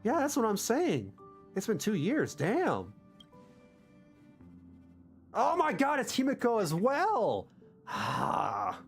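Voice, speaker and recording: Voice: mid-range voice, huge pitch swings, takes it slowly, pauses often, faint music behind. A game streamer reacting casually and animatedly to a story game, often laughing. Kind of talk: livestream gameplay commentary.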